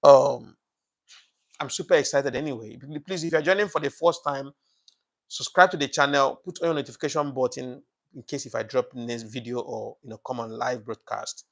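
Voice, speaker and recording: A man's voice: mid-range voice, moderate pace, gravelly, a bit bright. A man hosting a casual live broadcast, thanking viewers by name and preaching passionately about politics, with many fillers and repeats. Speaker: live-stream host.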